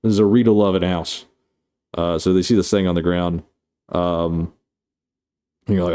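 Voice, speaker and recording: Casual streamer, male, deep and dark-toned, loose and foul-mouthed. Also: level tone, moderate pace, pauses often, smooth. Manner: rambling, profane, playful. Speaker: streamer reviewing a film. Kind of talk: casual live-stream chat.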